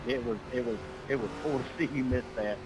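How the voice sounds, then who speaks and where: A man on voice chat during a sim race, tossing off quick, clipped remarks. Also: medium pitch, noisy background. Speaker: fellow sim racer on voice chat. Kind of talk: casual voice chat.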